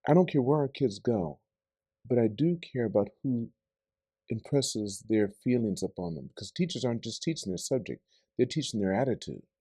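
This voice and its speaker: Mellow husky male podcast host. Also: mid-range voice, normal speed, no echo. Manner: animated, interjects and tells anecdotes. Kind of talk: conversational interview.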